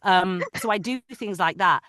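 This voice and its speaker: A woman who narrates audiobooks, talking about her craft in an animated, chatty way with frequent restarts. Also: lowish voice, normal speed, no room sound, clean studio sound. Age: adult, parent of older children. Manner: animated, talkative, many restarts. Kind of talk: casual interview chat.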